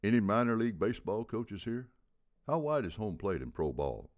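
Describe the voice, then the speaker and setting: A man with a very deep voice playing a gruff, blunt baseball coach in his seventies who barks out rhetorical questions. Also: very animated, normal speed, a little mellow. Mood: barking. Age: 70s. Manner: barking, booming rhetorical questions.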